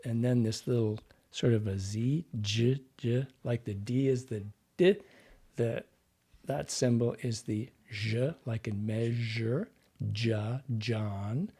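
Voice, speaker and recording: A man's voice: medium pitch, steady tone, a little slow, dark tone, breathy edge. A man, a dialect coach and podcast guest, explaining at length like a teacher and acting out the sounds he describes. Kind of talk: explanatory interview talk.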